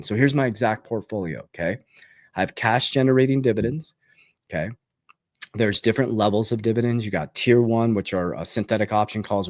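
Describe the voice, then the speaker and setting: A man's voice: no echo, clean studio sound. Fired-up man giving emphatic money talk. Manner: emphatic and repetitive, keeps asking "okay?"; gets fired up, pitch jumps on punchlines. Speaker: crypto and investing channel host. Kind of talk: motivational finance talk to camera.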